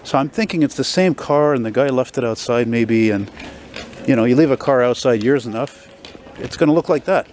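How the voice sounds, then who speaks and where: A man's voice: medium pitch, a little fast, darkish tone, soft background music. A man in his forties from Montreal talks about an old car to camera on a city street, rambling enthusiastically with lots of fillers. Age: 40s. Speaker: classic car vlogger. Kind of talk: casual rambling talk to camera.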